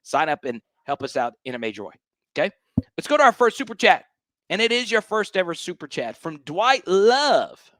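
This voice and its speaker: Male fan-show host, hyped rant, very lively delivery, dry close sound. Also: high voice, normal speed, no echo. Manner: hyped, animated, repeats himself for emphasis. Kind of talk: fired-up livestream fan rant.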